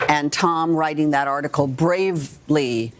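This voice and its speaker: A woman's voice: low-pitched, measured pace. A woman in her sixties, an actress speaking frankly and emphatically as a guest on a morning TV interview. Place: TV studio.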